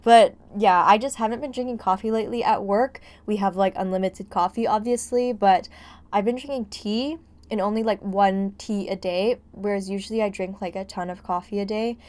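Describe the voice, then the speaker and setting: A woman's voice: mid-range voice, steady tone, moderate pace, darkish tone. Breathless chatty young woman. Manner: chatty, rambling, heavy use of "like". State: out of breath and jittery from caffeine. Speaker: gaming vlogger. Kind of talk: casual voice-over commentary on a building game.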